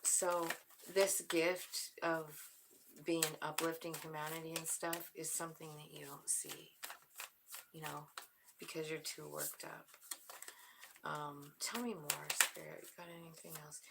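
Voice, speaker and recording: Woman tarot reader, emotional and hushed, raspy low voice, noisy recording. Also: little pitch movement, a little slow. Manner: emotional, soft-spoken, often drops to a whisper. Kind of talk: spiritual tarot reading.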